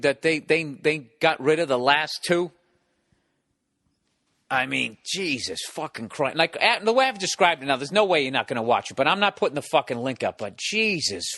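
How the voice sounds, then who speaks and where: A man's voice: on the high side, bright, forceful tone, no room sound, studio quality. A man telling a rambling, profane story as a comedy podcast host, acting out bits as he goes. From United States. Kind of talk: casual comedic monologue.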